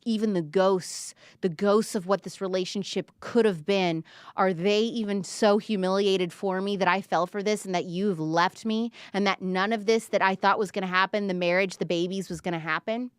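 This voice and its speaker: In clean studio sound with no echo, a young woman reacts casually to an album she's reviewing. Her mid-range voice is clear, fairly even and at a normal speed as she gushes and chats with lots of fillers, reading lyrics aloud with animation.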